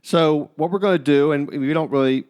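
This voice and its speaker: A man's voice: a little high, a little fast, darkish tone, clean tone. A man hosting a podcast, steering a loose, unrehearsed chat and handing turns to his guests. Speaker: podcast host.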